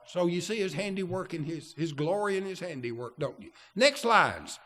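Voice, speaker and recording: A man's voice: high-pitched, animated, moderate pace, few pauses, sharp tone. A man preaching a sermon in a folksy way, often asking his congregation questions. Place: church hall. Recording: long hall reverb.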